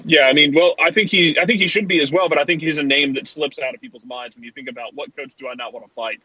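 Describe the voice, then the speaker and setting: A man's voice: fairly high pitch, steady tone, quick pace, pushed and bright, breathy edge, no echo, dull audio. A man co-hosting a casual soccer podcast, wry and sarcastic. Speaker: podcast co-host. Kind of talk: casual sports talk.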